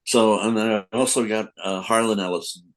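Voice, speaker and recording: A man's voice: fairly low pitch, fairly even intonation, moderate pace, slight background noise, low-quality recording. An older man, a comic book editor, telling rambling anecdotes in a casual podcast interview, acting out quotes.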